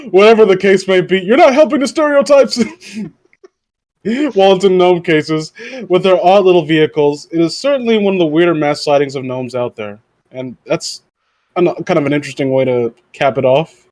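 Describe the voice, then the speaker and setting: A man hosting a casual podcast, reading aloud haltingly and joking around. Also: sits high, a little mellow, no room sound. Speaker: podcast host.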